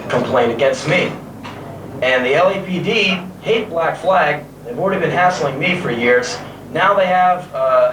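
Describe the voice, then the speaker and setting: Guy ranting a funny story live, swears a lot, sounds far off and echoey, lots of noise on the tape. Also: fairly high pitch. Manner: sarcastic, self-mocking, swears freely. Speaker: spoken word performer. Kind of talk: live spoken word storytelling. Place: pub stage in front of an audience. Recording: echoey, distant, noisy live bootleg tape.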